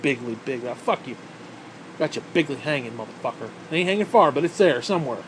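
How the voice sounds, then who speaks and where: A man's voice: medium pitch, quick pace, background noise. A man delivering an angry, profanity-laden rant to camera, sarcastic and swearing constantly. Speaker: vlogger. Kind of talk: profane ranting monologue.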